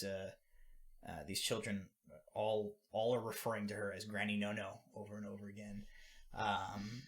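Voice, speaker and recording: A man with a fairly low voice runs a tabletop game, describing scenes in a loose, casual way full of um and like. He talks as if to friends around a table. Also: fairly bright tone. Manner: casual, many fillers and restarts. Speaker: game master.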